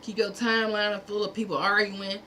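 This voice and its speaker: This livestream host speaks in a level, mid-range voice that is still bright and forceful, keeping a moderate pace. Her monologue is fervent and preachy, driven by repeated punchy lines and occasional swearing, with a little background noise behind her.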